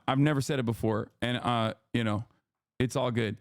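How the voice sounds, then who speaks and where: A man's voice: mid-range voice, fairly even intonation, moderate pace, dry recording, clean studio sound. A man hosting a livestream, telling a rambling, profane story in casual chat. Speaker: livestream host.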